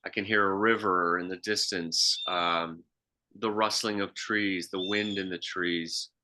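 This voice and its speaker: A man's voice: low-pitched, fairly even intonation, a little slow, pushed and bright. A man co-hosting a podcast, telling reflective stories in casual chat with frequent restarts. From half Swiss. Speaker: podcast co-host.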